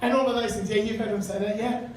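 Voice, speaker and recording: Crude stand-up comic, echoey pub. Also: male voice, sits high, steady tone, fast. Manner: crude, conversational, banters with the crowd. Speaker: stand-up comedian. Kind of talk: stand-up comedy set. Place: live pub venue. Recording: echoey room, mic far off. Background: audience laughter.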